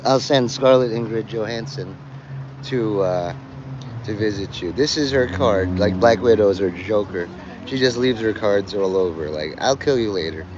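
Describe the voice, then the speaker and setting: A man livestreaming outdoors on a rainy city street, rambling and joking, acting out quick voices and laughing often. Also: lowish voice, darkish tone, muffled recording, slight background noise.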